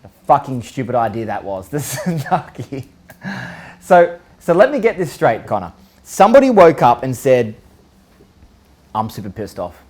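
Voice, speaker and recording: An upbeat man hosts a live show and runs through a countdown with plenty of banter. He keeps tossing questions at his audience and teasing a co-host. His pitch sits right in the ordinary middle for a man. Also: normal speed. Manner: energetic, jokey countdown, rhetorical questions, occasional swearing. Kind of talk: live online show, casual chat.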